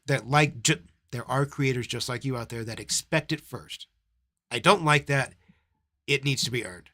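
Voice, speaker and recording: A man's voice: medium pitch, fairly bright tone. Male stream host, blunt and profane, scolding commentary. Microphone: desk microphone.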